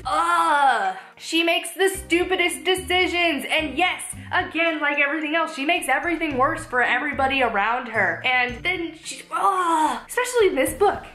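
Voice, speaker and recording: Young woman vlogger, bright tense voice, fairly high, echoey room with faint music, animated and exasperated. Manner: animated, exasperated, says "like" often. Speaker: book vlogger. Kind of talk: casual ranting book review.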